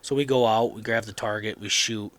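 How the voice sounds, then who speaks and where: A man's voice: fairly low pitch, fairly quick. A man with a Midwestern American accent hosting a podcast, telling a rambling story in casual chat with frequent restarts. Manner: rambling, animated retelling with many restarts. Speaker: podcast host.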